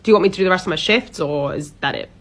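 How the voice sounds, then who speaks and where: A woman playing a blunt, unbothered young British pub worker who talks in a flat, matter-of-fact way. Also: lowish voice, rapid-fire. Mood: deadpan. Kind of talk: comedy sketch acting.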